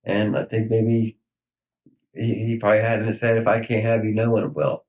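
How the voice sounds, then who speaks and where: A man in his thirties speaking in a recorded police interview, halting and grief-stricken, with many fillers and trailing pauses. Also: on the low side, monotone, a little mellow, muffled recording. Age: 30s.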